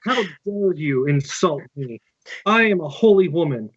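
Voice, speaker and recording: A haughty priestess with a prim, clipped way of speaking, pitched high, as a man puts her on. She sounds easily offended and self-important. The sound is slightly dull and lo-fi. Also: lively intonation, a little slow. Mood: indignant. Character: haughty indignant priestess, woman.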